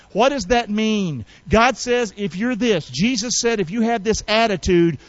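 A man preaching a sermon in a folksy, colloquial way, calling on the congregation to repeat after him and rising to shouts. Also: high voice, moderate pace, hardly any pauses, dry recording, muffled recording. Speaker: pastor.

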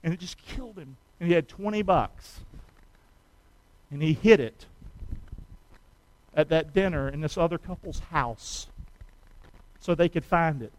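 A man's voice: on the high side, a little slow, pauses often, low-quality recording. A middle-aged American man preaching a sermon. He tells stories in a folksy way and has the congregation repeat lines after him. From United States. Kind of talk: sermon with call and response.

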